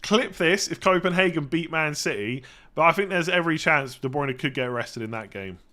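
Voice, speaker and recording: A man hosting a casual live-stream Q&A, chatty and self-correcting, often clearing his throat. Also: fairly high pitch, animated, a little fast, bright, forceful tone. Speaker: fantasy football streamer.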